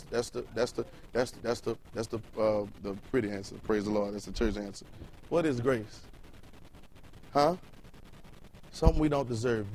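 A man's voice: mid-range voice, darkish tone, slight background noise, rough recording. A male preacher giving a sermon in a loose, colloquial way. He repeats words as he builds a point, reads scripture, and keeps asking the congregation questions. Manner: colloquial, fires rhetorical questions at the room. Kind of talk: sermon with Bible reading.

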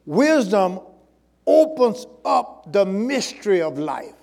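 A man preaching a sermon with emphasis, swinging from loud calls to low, quick asides. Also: very animated. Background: congregation.

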